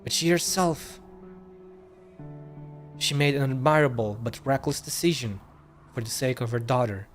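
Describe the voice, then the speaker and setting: A man streaming a game, reading each line of dialogue out loud. His voice sits at an ordinary middle pitch, and he sometimes stumbles and goes back to correct a word. Soft game music plays faintly behind him. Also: normal speed, long pauses. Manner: reads lines aloud, stumbles and corrects himself.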